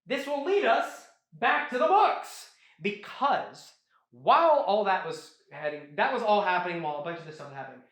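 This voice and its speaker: A high-voiced man hosts a casual chat, rambling through a story recap with animated energy and frequent swearing. The room gives his voice a roomy echo. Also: moderate pace. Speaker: host.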